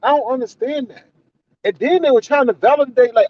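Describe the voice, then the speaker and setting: A man's voice: extremely high pitch, a little fast. A man giving an indignant, profane, repetitive rant in a commentary vlog. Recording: slightly dull, dry recording.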